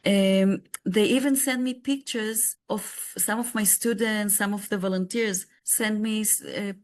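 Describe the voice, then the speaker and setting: A woman's voice: mid-range voice, steady tone, unhurried. A woman from Israel, a peace activist guest on a podcast, speaking earnestly and searching for words with frequent restarts. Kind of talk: casual podcast conversation.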